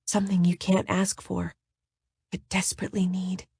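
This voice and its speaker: Brief: breathy, bossy seductress, soft and raised in pitch, as a female narrator puts her on, audiobook. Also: completely flat delivery, moderate pace, no room sound, clean studio sound, full character voice. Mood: sultry. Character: sultry seductive woman, breathy and commanding.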